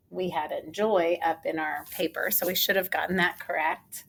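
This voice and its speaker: A woman teacher giving a phonics spelling lesson for young children, sounding out each word slowly and deliberately. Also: fairly low pitch, vocal fry, a bit bright, husky. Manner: slow, deliberate, sounding out words. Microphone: recorded for a video lesson.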